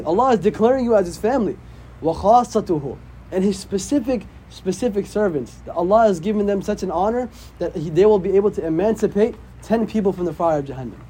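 Man, imam, casual religious lesson, very quick speech, slightly high voice. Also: lively intonation, mellow, slight background noise. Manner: conversational, often asks "right?". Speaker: imam teaching a class.

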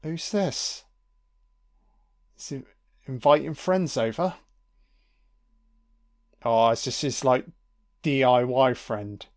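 Guy doing a film commentary, chatty, swears a lot, mid pitch. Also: slow pace, long pauses.

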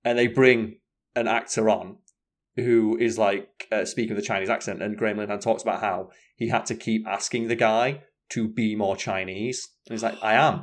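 A man chatting casually as a podcast co-host, telling stories in an animated, sweary way. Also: lowish voice, moderate pace. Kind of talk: casual chat.

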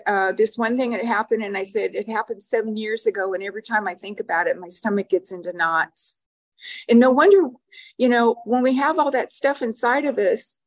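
At a recovery meeting, an older woman shares personal testimony in a meeting room, her voice a little high. Her storytelling rambles warmly, packed with fillers and laughter, on poor-quality audio.

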